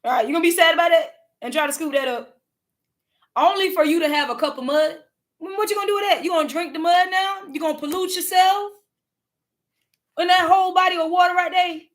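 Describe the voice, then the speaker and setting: A woman with a Southern US accent, talking in a casual spiritual vlog, animated and profane, often laughing and repeating words. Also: very high-pitched, brisk. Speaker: spiritual content creator.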